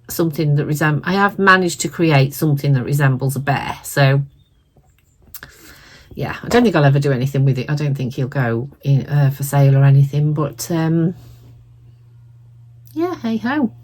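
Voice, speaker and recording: Croaky chatty woman, low voice. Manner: chatty, rambling, self-deprecating, clears throat often. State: croaky voice from a cold. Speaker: crafting channel host. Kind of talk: casual chat while crafting. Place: at home.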